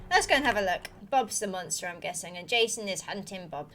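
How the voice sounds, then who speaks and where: A woman's voice: mid-range voice, big pitch swings, brisk, hardly any pauses, fairly bright tone, a little hiss or hum. Chatty woman playing horror games. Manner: chatty, reacts aloud and reads game text. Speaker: gaming video host. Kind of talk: let's-play commentary.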